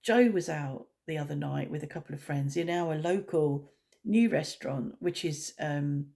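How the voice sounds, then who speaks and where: A woman's voice: low voice, normal speed, gravelly, mellow. A woman vlogger talking in a casual, rambling way, blunt and opinionated.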